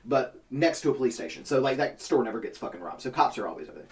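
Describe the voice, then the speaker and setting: A man's voice: mid-range voice, fast talker, far from the mic. Profane man telling a story, set back from the mic. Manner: profane, animated storytelling with quoted voices. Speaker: podcast guest telling a story. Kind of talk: casual chat.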